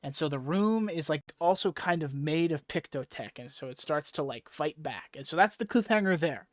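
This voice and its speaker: A man in a podcast chat, talking somewhat high and loose as he recaps a comic, full of fillers and swearing. His voice is close and dry, with no room sound around it. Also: expressive, normal speed, no room sound. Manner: rambling, profane, filler-heavy storytelling. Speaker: podcast co-host. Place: podcast recording setup. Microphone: podcast microphone.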